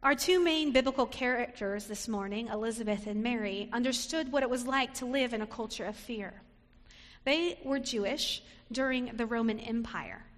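A woman's voice: on the high side, normal speed. A woman preacher giving a reflective sermon, sometimes acting out short quoted lines. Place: church sanctuary. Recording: long reverb of a sanctuary.

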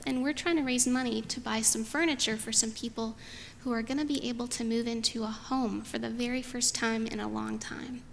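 A woman pastor gives a children's sermon and keeps asking the kids friendly questions. Her voice sits fairly high. It rings with a long reverb through a large sanctuary, over faint room noise.

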